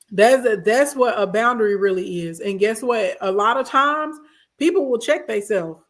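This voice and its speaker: A woman's voice: fairly high pitch, moderate pace. Emphatic woman giving relationship advice. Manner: emphatic, repeats herself, checks in with listeners. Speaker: host answering viewer comments. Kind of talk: casual advice talk, livestream.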